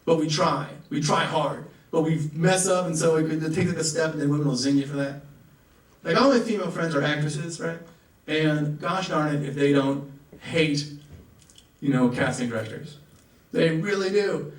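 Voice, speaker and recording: A young man from the American South performing a stand-up comedy set and acting out characters in raised voices. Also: fairly high pitch. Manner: rapid asides, acts out characters in raised voices. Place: comedy club. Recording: roomy club audio from a distant mic.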